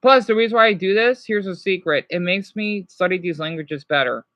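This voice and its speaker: A man's voice: high-pitched, brisk, sharp tone, no room sound, dull audio. A man casually teaching French words on a livestream, rambling and correcting himself while answering chat.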